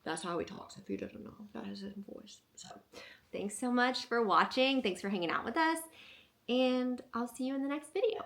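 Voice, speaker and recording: A woman's voice: a little high, animated, normal speed, vocal fry, fairly bright tone. A young woman hosting a casual haul video at home, bubbly and gushing, with many fillers. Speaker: vlogger.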